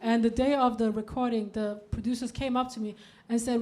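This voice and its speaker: A woman from Denmark doing a stand-up comedy set on a club stage, with deadpan setups and punchy acted-out quotes, audience laughter behind her. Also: on the high side, fairly quick, few pauses.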